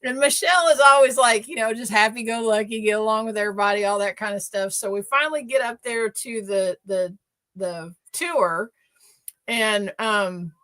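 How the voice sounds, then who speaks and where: A woman, hosting a casual livestream and telling a story in a chatty, animated way with many fillers. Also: on the high side, normal speed. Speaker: host.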